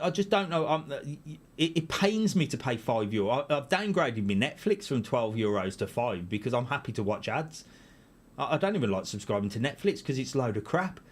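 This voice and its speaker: A middle-aged man hosting a casual live stream from a gear-filled room at home, chatty and self-mocking, his pitch bouncing up and down as he rambles. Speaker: YouTube channel host.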